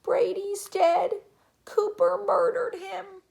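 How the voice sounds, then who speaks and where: A woman's voice: fairly even intonation, slow, creaky, a little mellow, exaggerated voice. A woman voicing a small boy who wails and cries in a storybook reading. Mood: wailing. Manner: high wailing cries. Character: small boy, wailing and tearful.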